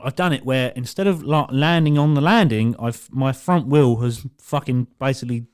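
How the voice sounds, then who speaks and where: A man's voice: medium pitch, normal speed, a little mellow, smooth. A man co-hosting a podcast, chatting casually, laughing and swearing freely. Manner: swears a lot, laughs while talking. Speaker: podcast co-host. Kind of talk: casual chat.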